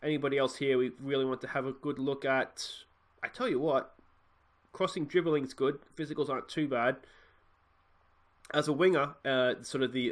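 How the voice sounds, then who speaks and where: A man with an Australian accent talks through his game in a loose, chatty way. He gets excitable and pokes fun at himself, and his voice sits at a middling pitch. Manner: chatty, self-mocking, excitable. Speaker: gaming channel host. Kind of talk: let's play commentary.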